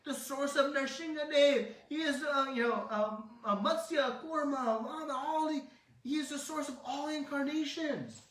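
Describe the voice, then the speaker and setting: A man voicing a fiery, angry young boy god who threatens loudly and scolds his younger brother. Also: very high voice, unhurried, voice pushed up. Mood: boastful. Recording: roomy hall, distant mic.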